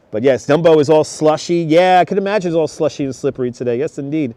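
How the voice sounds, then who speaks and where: A man's voice: fairly high pitch, fast, few pauses, warm tone, no echo. Chatty man live-streaming from a snowy beach. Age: 30s. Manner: chatty, greets viewers by name, laughs often. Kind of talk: live stream chat with viewers. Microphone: wireless clip-on mic.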